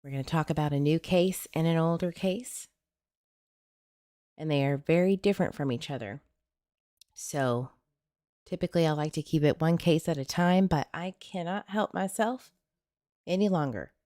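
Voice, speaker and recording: A woman with a Southern US accent chats through a casual livestream, low in pitch for a woman. She greets her viewers by name and throws in jokey asides. The sound is dry and close. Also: moderate pace, long pauses, dark tone, no echo. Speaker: livestream host.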